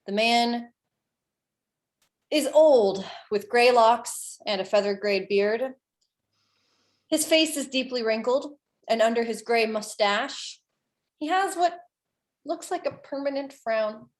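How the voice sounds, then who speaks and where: A woman running a tabletop game as dungeon master, describing rooms and characters in a relaxed way. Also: a little high, takes it slowly, long pauses.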